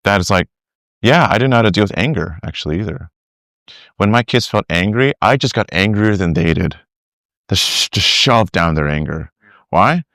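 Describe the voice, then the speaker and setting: A middle-aged man with a low voice tells stories animatedly on a podcast. He acts out little quotes and restarts his sentences often. The sound is dry and close. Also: lively intonation, moderate pace, a bit bright, no echo. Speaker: discipleship teacher, guest. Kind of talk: conversational podcast interview.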